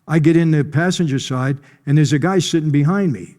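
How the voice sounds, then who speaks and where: Mellow-voiced man telling a gripping story. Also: a little high, a little fast, big-room sound. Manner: emphatic, conversational, often clears throat. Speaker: conference speaker. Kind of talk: personal storytelling talk. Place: conference stage.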